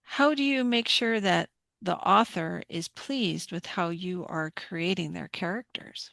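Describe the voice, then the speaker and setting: A woman's voice: fairly low pitch, a little slow, vocal fry, fairly bright tone, no echo, studio quality. A woman podcast host and indie author asking an interview guest friendly, thoughtful questions.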